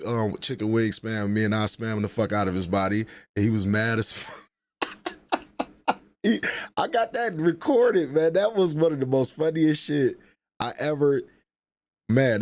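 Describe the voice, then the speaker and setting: Trash-talking man with a low voice. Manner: trash-talking, laughing, profane banter. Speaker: livestream host. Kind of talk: casual livestream chat.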